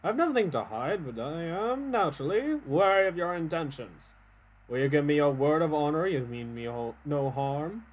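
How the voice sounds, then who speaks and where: A man's voice: a little high, lively intonation, normal speed. Guy doing a polite pirate cat captain, careful and formal, voice bouncing up and down as it goes along. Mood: wary, courteous. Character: refined, wary male pirate cat captain.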